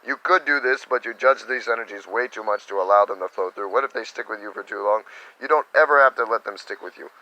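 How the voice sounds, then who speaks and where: A man teaching meditation in a casual spiritual talk, animated and slipping into little quoted voices. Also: on the low side, quick pace, poor audio.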